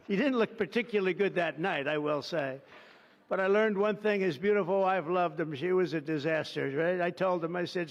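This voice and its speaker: A man with a high-pitched voice speaks off the cuff at a podium, wandering into chatty asides and piling on superlatives. His voice comes through a dull, lo-fi broadcast feed. A long reverb trails behind each phrase, as if through a public address system. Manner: rambling, ad-libbed asides heavy with superlatives. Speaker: president addressing a signing ceremony. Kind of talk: off-the-cuff ceremonial speech.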